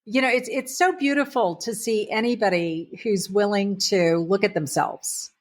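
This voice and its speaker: Animated woman telling a family story. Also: mid-range voice, moderate pace. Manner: animated, acts out voices in stories. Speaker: guest. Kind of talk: casual storytelling in conversation.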